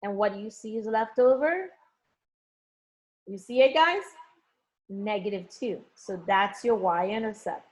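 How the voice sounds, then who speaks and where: A woman's voice: medium pitch, unhurried, pauses often. A woman teaching math in a live online review session, coaxing students with pet names and frequent check-ins. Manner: frequent check-ins like okay and all right.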